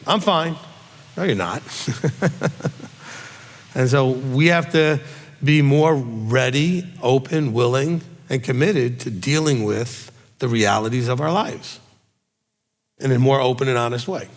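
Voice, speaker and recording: A man's voice: mid-range voice, measured pace, big-room sound. A man, a rabbi, leading a question-and-answer teaching session, checking in with the listeners as he talks. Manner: conversational teaching with frequent "okay?" check-ins.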